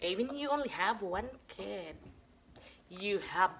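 A woman's voice: medium pitch, expressive, unhurried, fairly bright tone. A mother with a Filipino accent chatting playfully in a home vlog, repeating words in chains in broken English. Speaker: mother vlogger. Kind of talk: casual home vlog chat. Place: family home.

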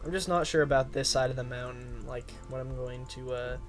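Young man, casual gaming chat, playful, middle pitch, faint music behind. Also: fairly even intonation, fairly quick. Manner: joking, chatty, breaks into silly voices. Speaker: gaming channel host. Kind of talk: casual let's-play chat.

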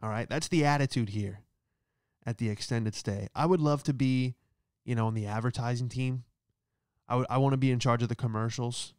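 A man's voice: medium pitch, brisk, darkish tone, clear, resonant tone, dry recording, clean studio sound. A male comedian hosting his own show, delivering a sarcastic, rambling stand-up monologue that keeps tossing in "all right?". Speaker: comedian host.

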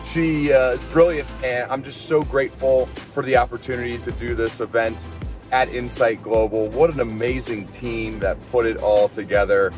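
A man's voice: mid-range voice, steady tone, normal speed, faint music behind. A man hosting a live podcast and recapping it afterwards, enthusiastic and full of praise. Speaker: podcast host.

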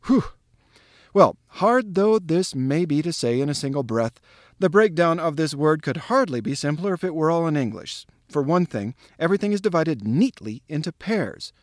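A man giving a pronunciation tutorial on a literary passage, explaining calmly and drilling the words syllable by syllable. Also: fairly high pitch, moderate pace, dry recording, clean studio sound.

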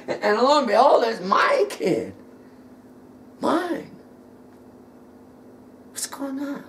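A middle-aged man giving an emotional personal testimony, halting and repeating words, sometimes dropping almost to a whisper. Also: extremely high pitch, very animated, fairly bright tone, a little hiss or hum.

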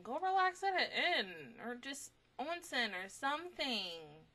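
Young adult woman, high voice, very bright tone, casual reaction commentary, chats to characters. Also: very animated, measured pace. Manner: talks affectionately to characters on screen. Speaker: anime reaction YouTuber.

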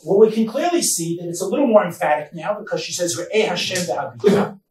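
A man teaching a Bible study class as rabbi, reading verses slowly and then explaining them with emphatic stresses. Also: sits high, big pitch swings, a little mellow. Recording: echoey room, mic far off, faint noise.

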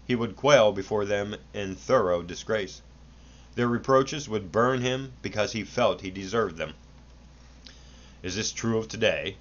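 A man reading an old book aloud in an earnest, unhurried way, with small slips, in a dull lo-fi home recording. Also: on the low side. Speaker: audiobook reader.

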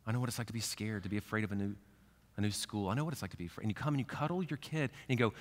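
A male pastor giving a sermon in a conversational preaching style. He drops to a hush in some passages and rises to fervent emphasis in others. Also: on the low side, lively intonation, rapid-fire, in a large hall. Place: church sanctuary.

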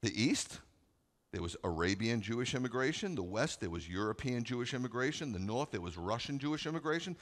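A man preaching a sermon to a congregation, moving between quiet conversational asides and loud, emphatic scripture readings. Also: medium pitch, lively intonation, a little fast. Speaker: rabbi preaching. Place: congregation sanctuary.

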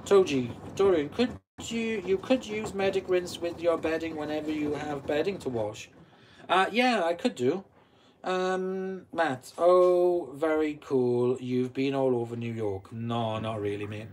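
A Welsh man in his forties, the channel host, runs a live stream where he reads out viewer comments and answers them chattily. His voice is fairly high and a little mellow, his pace unhurried, with slight hiss or hum in the audio.

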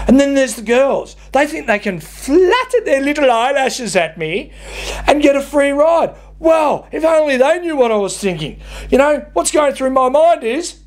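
A man, a bus driver ranting bluntly and swearing as he tells comic stories to camera. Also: very high-pitched. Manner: blunt, sweary, laughing at his own stories.

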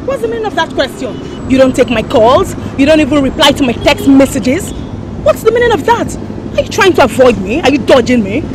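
An actress playing a furious young woman with a Nigerian accent, shouting insults and demands at a former lover in a Nollywood film. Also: high-pitched, big pitch swings, a little fast, noisy background. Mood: accusing. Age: young adult. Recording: film scene with loud crowd and music. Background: street crowd and loud music.

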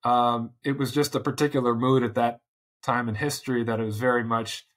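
A man's voice: mid-range voice, level tone, fairly quick, fairly bright tone. A man in his forties, a podcast guest, talking thoughtfully and earnestly with frequent restarts. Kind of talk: reflective interview talk.

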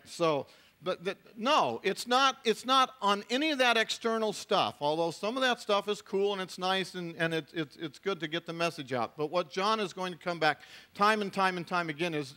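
A middle-aged male pastor delivers a sermon with a bright, forceful voice pitched a little above the usual for a man. He talks conversationally, restarting phrases and tossing in asides.

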